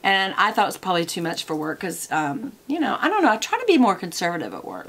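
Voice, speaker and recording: A woman's voice: lowish voice, wildly swooping pitch, quick pace, few pauses, fairly bright tone. A woman, talking casually to camera from her desk as a product vlogger, chatty and wandering off on tangents.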